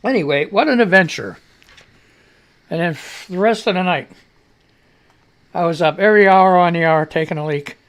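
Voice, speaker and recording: A man's voice: sits high, normal speed, long pauses, a bit bright, clean tone. A man hosting a live radio show, telling a rambling story in casual chat with fillers and mild cursing.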